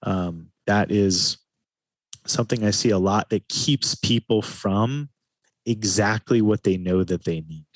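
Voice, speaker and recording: Calm low-voiced man, slow and dry. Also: dry recording. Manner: calm, slows his speech to stress points. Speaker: podcast guest, men's retreat facilitator. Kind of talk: reflective interview talk.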